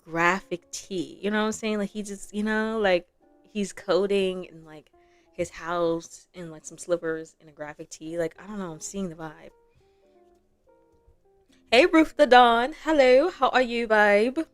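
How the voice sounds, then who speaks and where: A woman's voice: on the low side, steady tone, moderate pace, faint music behind. A young woman giving casual gameplay commentary as a gaming creator, chatty and rambling, laughing often.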